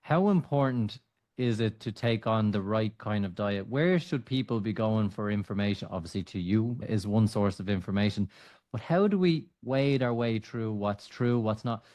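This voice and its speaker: A man's voice: on the low side, expressive, moderate pace, darkish tone. A man hosting a podcast, teasing his guest in casual chat and asking long questions. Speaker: podcast host.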